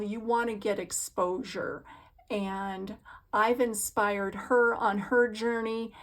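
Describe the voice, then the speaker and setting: Slow, gravelly-voiced woman crafting vlogger. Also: mid-range voice. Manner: gushing, enthusiastic. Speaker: craft channel host. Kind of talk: casual crafting vlog chat. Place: home craft room.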